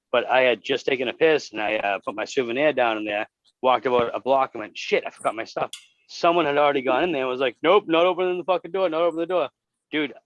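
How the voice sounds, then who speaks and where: A man on a casual podcast, telling crude job-site and stadium stories full of swearing. He speaks at a middle pitch. The sound is dull and dry, slightly lo-fi. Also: no room sound. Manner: swears constantly, animated storytelling.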